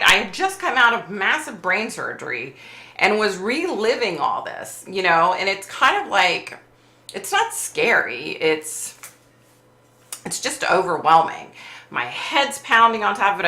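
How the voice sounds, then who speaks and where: A woman talks casually on her livestream, acting out each line of the story. Her voice sits low with a gravelly, fry-laden edge and a bright, forceful tone. She is recorded in an echoey room. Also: takes it slowly, pauses often. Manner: animated storyteller acting out quoted exchanges, laughs often. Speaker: livestream host.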